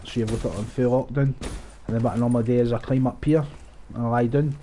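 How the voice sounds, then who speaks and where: A gaming channel host delivers live, profane, rambling commentary over his own gameplay, breaking into excited outbursts. He speaks quickly at a medium pitch, with a little hiss or hum in the audio.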